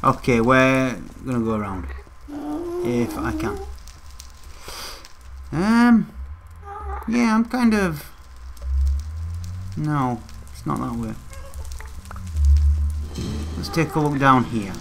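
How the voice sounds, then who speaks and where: A man's voice: mid-range voice, very animated, takes it slowly, vocal fry, pauses often, noisy background. A young man hosting a gaming channel, chatting casually to his viewers as he plays. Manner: chatty, talks straight to viewers. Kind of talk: casual gameplay commentary.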